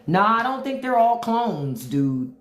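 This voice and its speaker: A woman's voice: fairly high pitch, big pitch swings, slow pace, echoey room. A woman hosting a casual livestream, talking bluntly and profanely and answering viewer comments. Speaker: livestream host.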